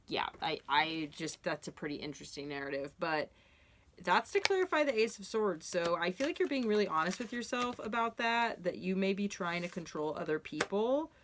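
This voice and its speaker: A woman's voice: lowish voice, a bit bright, a little hiss or hum. Earnest woman giving a tarot reading. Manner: earnest, reassuring, with fillers and restarts. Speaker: tarot reader.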